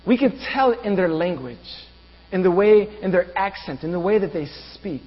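A pastor preaching a sermon, asking the congregation rhetorical questions. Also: male voice, high voice, animated, moderate pace. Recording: dull reverberant room with mains hum.

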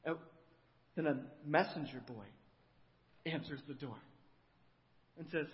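A male preacher with a high voice animatedly retells a story, pausing to put questions to his listeners. His delivery is a storytelling sermon. The sound is dull and carries a long church-hall reverb. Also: expressive.

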